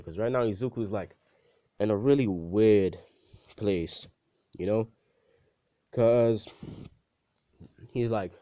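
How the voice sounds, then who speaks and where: A man's voice: on the low side, a little slow, pauses often, warm tone, dull audio. A young man casually improvising a fan fiction story, rambling and slangy, often correcting himself.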